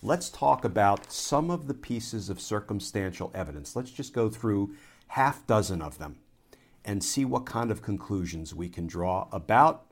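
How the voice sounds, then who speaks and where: A man's voice: on the low side, gravelly, darkish tone. A man, a former Army lawyer, giving a solo political commentary that explains his argument step by step and poses rhetorical questions.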